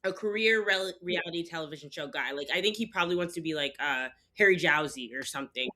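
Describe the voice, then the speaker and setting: A woman's voice: lowish voice, fast, pushed and bright. A woman guest on a podcast, chatting casually about a reality show and laughing often. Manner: laughs often, uses "like" a lot. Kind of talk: casual recap chat.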